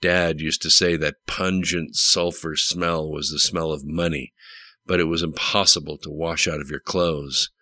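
A man narrating an audiobook with steady, plain storytelling. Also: rumbling low, unhurried, dry recording.

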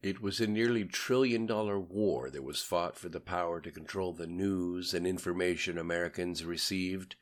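A man's voice: low voice, moderate pace, hardly any pauses. A man narrating an audiobook with a grave, solemn delivery.

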